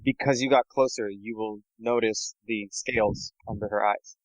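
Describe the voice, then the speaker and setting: Casual halting man at a game table. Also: on the low side, fairly even intonation, dry recording, rough recording. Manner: casual, halting, with many fillers. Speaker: player.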